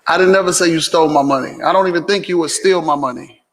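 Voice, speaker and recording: A man's voice: a little high, quick pace, fairly bright tone, long reverb tail. A man hosting a casual vlog and Q&A at home, teasing and laughing, then explaining things plainly. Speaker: host.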